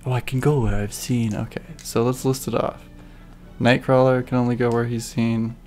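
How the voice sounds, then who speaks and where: Low-voiced woman streamer chatting. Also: level tone, normal speed, mellow, soft background music. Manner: chatty, sarcastic asides. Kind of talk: casual gameplay commentary.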